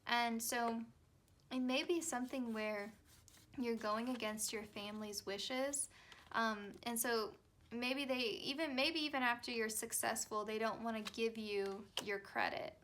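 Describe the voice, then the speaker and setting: A woman's voice: fairly high pitch, fairly even intonation, measured pace, fairly bright tone, a little hiss or hum. A young woman giving a casual, chatty tarot reading, reassuring her viewers with plenty of fillers. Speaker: tarot reader.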